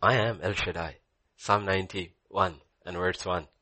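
A man preaching a sermon to a congregation in church, swinging from low murmurs to high excited cries. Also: a little slow.

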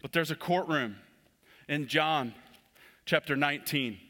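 A pastor delivering a sermon in a church, moving from quick urgent lines to slow hushed emphasis. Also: male voice, fairly high pitch. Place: church sanctuary.

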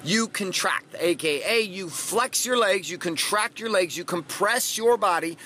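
A man's voice: high-pitched, lively intonation, measured pace, few pauses, bright, forceful tone. A middle-aged man hosting a motivational podcast, talking in a brash, profane, punchy way with dramatic swings. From Washington state, USA. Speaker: podcast host. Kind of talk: motivational monologue.

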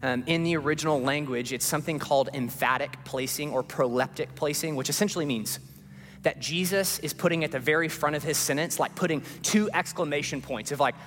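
Man preaching a sermon in church, kinda high voice, long echo, quiet music under it. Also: fairly quick. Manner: impassioned preaching, swinging between hushed pleas and rising repeated refrains. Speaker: pastor. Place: church sanctuary. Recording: long hall reverb with faint music.

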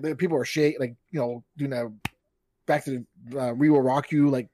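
A man's voice: fairly high pitch, a little fast, warm tone, a little hiss or hum. A man in his thirties, a podcast co-host, chatting casually and animatedly, acting out quotes and laughing often. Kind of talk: casual chat.

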